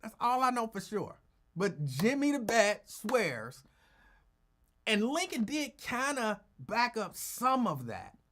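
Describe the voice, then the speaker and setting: A male radio talk host spins a story in a casual, teasing voice, with a pitch that swings widely up and down. He dramatizes the moments and lingers on them for effect. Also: slow. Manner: animated, teasing, acts out quotes.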